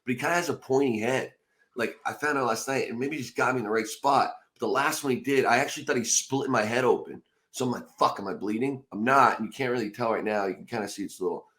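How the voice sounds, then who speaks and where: A man hosting a casual podcast chat, swinging from low mutters to loud bursts as he acts out stories. His pitch sits in a middle range and he talks with loose, profane energy. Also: fast talker. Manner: animated storytelling, swearing, acting out quotes loudly. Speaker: podcast host.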